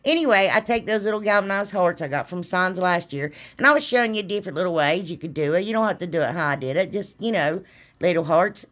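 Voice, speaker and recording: A woman's voice: fairly low pitch, a bit bright. A middle-aged woman, hosting a craft channel and chatting in a rambling, folksy way, talking straight to her viewers. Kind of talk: casual chatty craft tutorial.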